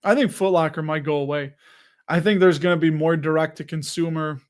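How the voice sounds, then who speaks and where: A man's voice: a little high, fairly even intonation, brisk. An American man hosting a live investing stream, chatting loosely and reading viewer comments aloud. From United States. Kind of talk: casual live-stream chat.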